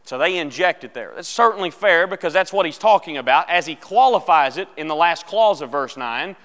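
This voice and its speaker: A man's voice: on the high side, expressive, brisk, few pauses, fairly bright tone. Man teaching a church Bible class. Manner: casual, joking, asks the class questions. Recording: long church hall reverb.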